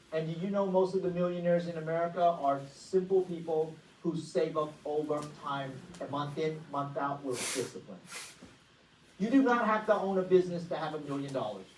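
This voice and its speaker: A woman giving an energetic money-management workshop presentation, often asking the audience rhetorical questions. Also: fairly low pitch, slight background noise. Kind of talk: motivational presentation. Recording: echoey room, voice far from mic.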